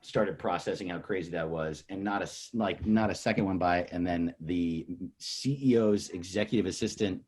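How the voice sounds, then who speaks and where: A man's voice: sits low, moderate pace, hardly any pauses, a little mellow. A young man on a podcast, telling a long story, acting out the people in it and swearing a lot. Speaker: comedian guest.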